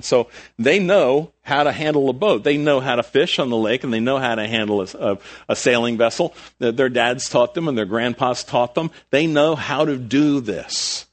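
A middle-aged male pastor preaching in a relaxed, conversational way. His voice sits at an ordinary pitch, then jumps up for emphasis and sinks low and soft for reflective points. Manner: conversational, animated with sudden rises and soft drops. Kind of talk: sermon.

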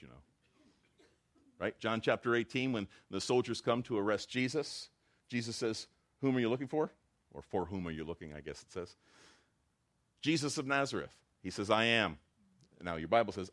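A man preaching a sermon to a church congregation, acting out the dialogue he quotes in an animated way. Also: on the low side. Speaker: pastor.

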